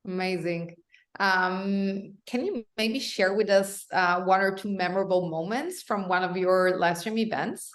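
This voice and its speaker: A woman hosting a webinar, asking a guest interview questions in a measured way with frequent ums. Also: medium pitch.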